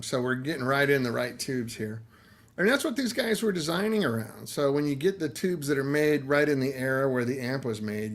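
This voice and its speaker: A middle-aged man hosts a casual live stream, sounding tired and worn down. His voice sits at a middling pitch. He rambles in an easygoing way, restarting sentences and letting his voice drop away. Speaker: livestream host.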